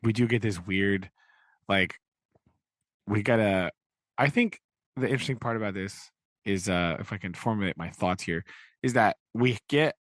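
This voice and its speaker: Rambling low-voiced man, dry mic. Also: moderate pace, pauses often, fairly bright tone, no echo. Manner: rambling, full of "like" and "right?"; acts out quotes in changing voices. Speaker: podcast co-host. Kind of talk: casual book discussion.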